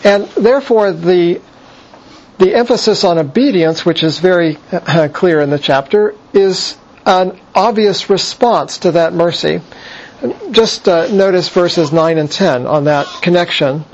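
A man teaches verse by verse through scripture, explaining each point in a measured way with frequent pauses and restarts. His voice sits a little high for a man. The recording is dull and lo-fi. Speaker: Bible teacher.

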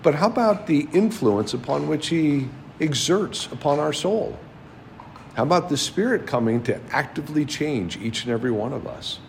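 A man's voice: fairly high pitch, animated, moderate pace, creaky, slight background noise. A man preaching a sermon, teaching a class and asking his listeners many rhetorical questions.

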